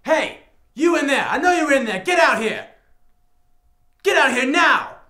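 A man acting out a jealous husband in a staged scene, narrating and then shouting accusations. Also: high voice, very animated, moderate pace. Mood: furious. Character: young man playing a jealous, enraged husband. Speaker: friend acting out a crime scene.

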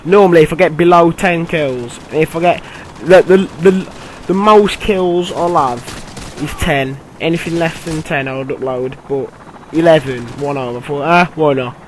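Young guy rambling over his gameplay, lotsa ums, slightly high voice, bit of hiss. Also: normal speed, rough recording. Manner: rambling, filler-heavy, bursts of excitement. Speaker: gameplay commentator. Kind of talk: casual game commentary.

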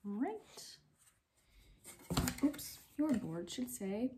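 A young woman teacher giving a recorded spelling lesson to young pupils, spelling words out slowly letter by letter and encouraging them. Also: medium pitch, big pitch swings, background noise.

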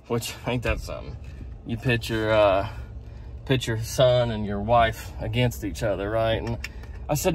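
A man's voice: fairly low pitch, a little slow, slight background noise. A man vlogging, telling a personal story in a plainspoken, frank way with the odd curse word. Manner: plainspoken and frank, with occasional cursing.

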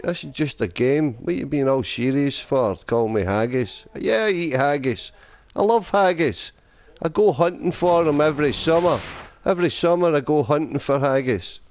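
A man's voice: mid-range voice, lively intonation, moderate pace, a little mellow, no room sound. A young man in online gaming voice chat, swearing constantly and taunting other players. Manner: profane, taunting trash talk. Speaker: online gamer.

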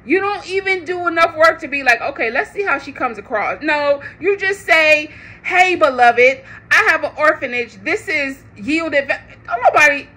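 Woman preacher, bright high voice, very lively pitch, laughs as she preaches. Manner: animated, laughing, conversational preaching. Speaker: online preacher. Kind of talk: prophetic preaching.

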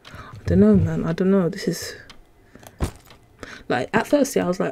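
A woman's voice: on the low side, moderate pace, vocal fry, pauses often, dark tone, rough recording. A young woman, commentating a horror game she is playing, jumpy and easily startled, with gasps and exclamations. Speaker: gaming YouTuber.

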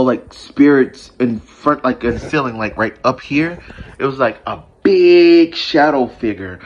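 A man's voice: mid-range voice, highs cut off. A man telling a personal story in a casual vlog, rambling with lots of fillers and restarts.

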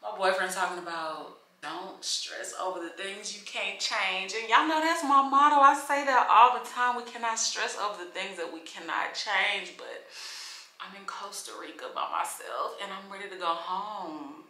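A woman's voice: medium pitch, lively intonation, moderate pace, pushed and bright. A young woman vlogging to camera in a hotel room, venting and emotional, holding back tears. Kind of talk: casual vlog talk to camera. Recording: echoey room.

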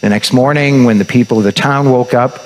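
A man's voice: mid-range voice, brisk, rough recording. A man preaching, retelling a story in a conversational way, with frequent restarts and repeated words. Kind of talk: sermon storytelling.

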